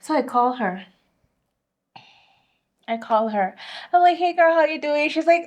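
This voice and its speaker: A young woman chatting on a podcast, telling her story with animated energy. Her voice sits a little high, and she slips Swahili slang into her English. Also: unhurried, pauses often. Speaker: podcast co-host. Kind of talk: casual chat.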